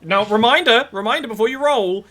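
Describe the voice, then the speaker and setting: A man's voice: very high-pitched, brisk, a bit bright. A man running a tabletop game as game master, describing scenes in a rambling way with many fillers.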